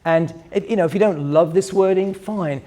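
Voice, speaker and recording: A middle-aged business coach runs a live workshop, speaking straight to the room in a conversational style that often digresses. His voice is high-pitched and mellow, at a moderate pace.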